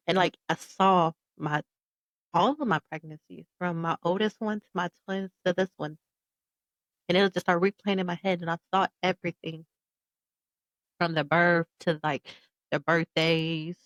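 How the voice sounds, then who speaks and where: A woman's voice: on the low side, fairly even intonation, moderate pace, no echo, dull audio. A woman in her thirties co-hosting a podcast, recounting a personal story with candid emotion. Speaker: podcast co-host. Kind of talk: casual podcast conversation.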